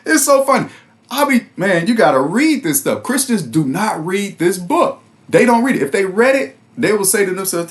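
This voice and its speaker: Guy with doing bible commentary, laughs a lot, bouncy pitch. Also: sing-song, measured pace. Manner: laughs often, conversational and mocking. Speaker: bible study host. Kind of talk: casual commentary on scripture.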